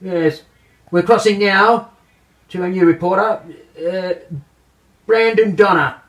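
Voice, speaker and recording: A man's voice: high voice, takes it slowly. A young man playing a goofy male chicken news anchor in a homemade comedy skit, rambling and stumbling as he talks. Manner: rambling, stumbling, breaks into laughter. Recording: roomy echo.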